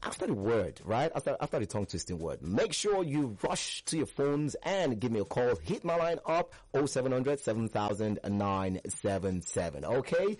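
A man's voice: medium pitch, big pitch swings, normal speed, hardly any pauses, darkish tone, dry recording. A man hosting a playful radio call-in show from the studio, teasing and laughing often.

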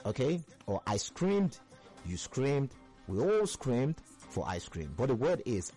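A young man hosting a call-in radio show, energetic and slangy, hyping up callers. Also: medium pitch, a little slow, breathy edge, faint music behind. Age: young adult.

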